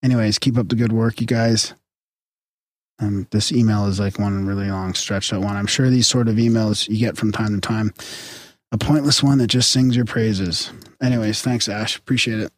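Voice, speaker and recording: A man's voice: on the low side, steady tone, normal speed, dry recording. Laid-back man reading listener emails. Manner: laid-back, reads aloud with chuckles and restarts. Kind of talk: casual podcast banter.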